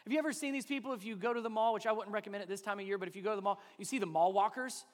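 A pastor in his thirties preaching a sermon, shifting between animated storytelling and soft, slow emphasis. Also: sits high. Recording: long hall reverb.

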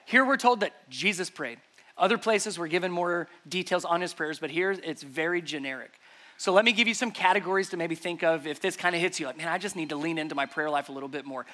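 A man's voice: high-pitched, sharp tone. A man preaching a sermon to a congregation in an emphatic, conversational way. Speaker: pastor. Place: church service before a congregation.

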